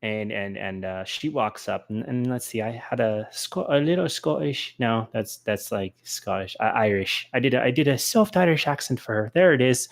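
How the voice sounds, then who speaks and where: A man's voice: medium pitch, moderate pace, gravelly, few pauses. A man narrating a tabletop game as game master, casual and rambling, chuckling often. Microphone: voice chat.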